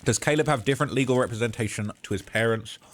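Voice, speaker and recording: A man's voice: medium pitch, quick pace. A man hosting a live stream, giving commentary in an indignant, sarcastic rant.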